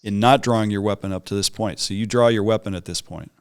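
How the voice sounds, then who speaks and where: A man's voice: fairly low pitch, fairly even intonation, quick pace, clear, resonant tone. A man hosting an interview, mostly giving short affirmations and sometimes summing up. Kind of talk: interview listening.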